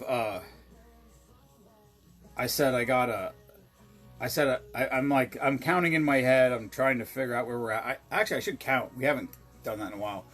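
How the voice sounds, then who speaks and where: A man's voice: medium pitch, a bit bright, slightly rough. Tipsy, swearing man rambling at his bar. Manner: profane, rambling, giggly storyteller. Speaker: show host mixing drinks. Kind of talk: casual chat.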